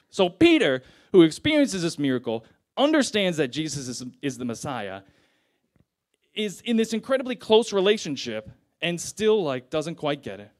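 A young man preaching a sermon in a casual, conversational way, retelling scripture in everyday slang. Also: a little high.

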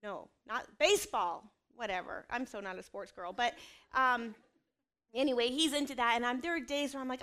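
A woman's voice: on the high side, moderate pace, sharp tone. A woman in her thirties, a mother speaking candidly and earnestly about her faith and family, with self-deprecating asides. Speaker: mother sharing a personal testimony. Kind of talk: candid personal talk.

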